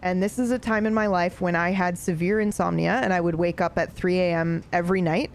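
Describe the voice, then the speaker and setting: Animated, swearing woman telling a story. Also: fairly low pitch, a little fast, a little hiss or hum. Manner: animated, swears freely, grows more excited. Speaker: streamer. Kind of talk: casual storytelling.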